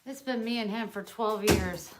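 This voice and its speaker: A middle-aged woman vlogging casually, chatting and loudly scolding her dog. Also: mid-range voice, moderate pace, a little hiss or hum. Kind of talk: casual vlog talking to her pets.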